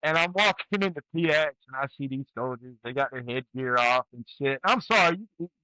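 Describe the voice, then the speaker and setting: A man's voice: medium pitch, a little fast, dry recording, rough recording. A retired Army sergeant, a man in his forties, telling his service stories bluntly and with plenty of swearing in a candid interview. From United States. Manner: blunt, profane, storytelling with animated quoted outbursts. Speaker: guest, retired Army sergeant first class.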